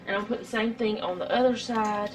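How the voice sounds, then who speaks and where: A woman's voice: mid-range voice, fairly even intonation, a little fast, a little hiss or hum. A middle-aged woman, chatting casually through a home cooking vlog in her kitchen, rambling with lots of fillers.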